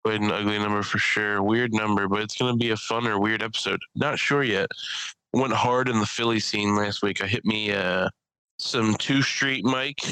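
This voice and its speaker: This young comedian and podcast host speaks at a moderate pace in a smooth, steady, somewhat low voice. He wanders through funny stories in casual chat, cursing a lot and playing out characters in loud bursts. The recording is dry and rough.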